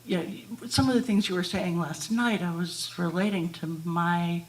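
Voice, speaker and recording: A woman's voice: on the low side, normal speed, low-quality recording. A woman from the audience asking a question into a handheld mic, hesitant and searching for her words. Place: ashram hall at a live retreat.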